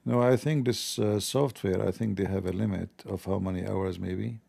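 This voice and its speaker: A man's voice: lowish voice, steady tone, normal speed, creaky, warm tone. A man hosting a live stream, chatting casually, joking and laughing often, with loose non-native grammar.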